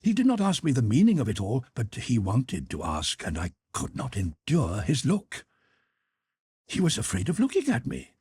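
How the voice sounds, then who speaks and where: A man reading the part of a grieving, humiliated middle-aged nobleman, halting and full of self-pity. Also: mid-range voice, wildly swooping pitch, a little mellow, slightly rough, dry recording, studio quality, pitched above the performer's own voice, heavily acted. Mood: distraught. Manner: halting, self-pitying, anguished. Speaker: character in audiobook.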